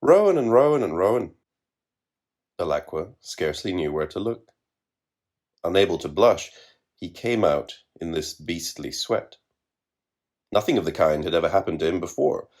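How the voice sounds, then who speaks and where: A man narrating literary fiction in a measured, wry reading. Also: deep voice.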